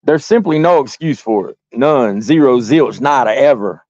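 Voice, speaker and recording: A man's voice: medium pitch, animated, moderate pace, darkish tone, dry recording. Heated cursing man on a lo-fi stream. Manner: rambling, swears constantly, addresses viewers directly. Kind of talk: heated profane rant. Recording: dull lo-fi audio.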